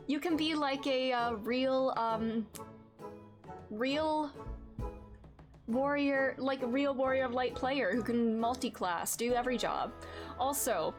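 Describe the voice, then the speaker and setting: Chatty woman streamer, high and animated, rambling with faint music behind. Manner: rambling, self-interrupting. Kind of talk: casual game commentary.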